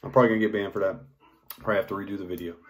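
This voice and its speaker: A man ranting in an unscripted vlog, swearing freely and rambling with restarts, growing louder and higher as he gets worked up. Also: fairly even intonation, rapid-fire. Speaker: knife hobbyist vlogger.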